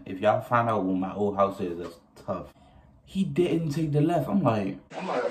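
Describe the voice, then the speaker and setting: A young man telling a story casually to his viewers, animated and profane, often laughing as he goes. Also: mid-range voice, normal speed, noisy background. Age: young adult. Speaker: vlogger.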